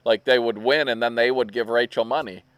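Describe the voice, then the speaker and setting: A middle-aged man from Michigan, talking with a rural drawl on a casual podcast. He tells stories in a lively way and mimics other people's voices. His voice sounds dry and close, with almost no room echo. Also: medium pitch, brisk, clean tone. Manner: animated storyteller, acts out others' voices. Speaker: podcast co-host. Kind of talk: casual chat.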